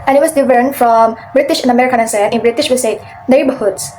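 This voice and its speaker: A woman's voice: a little high, fairly even intonation, a little mellow, faint music behind, rough recording. Young Indonesian woman explaining pronunciation. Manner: explains mistakes methodically, some halting grammar. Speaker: student presenter. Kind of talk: class presentation on pronunciation.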